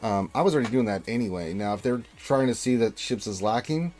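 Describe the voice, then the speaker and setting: A man's voice: on the low side, lively intonation, brisk, a little mellow, soft background music. Man reading out livestream chat. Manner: reads chat names and greetings aloud, rambling and opinionated. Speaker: livestream co-host. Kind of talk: casual livestream chat reading viewer comments.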